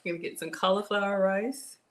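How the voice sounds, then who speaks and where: A woman hosting a casual live cooking stream from her kitchen, chatty and excitable, talking straight to her viewers as she cooks. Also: medium pitch, brisk, very noisy. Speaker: cooking livestream host. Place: home kitchen.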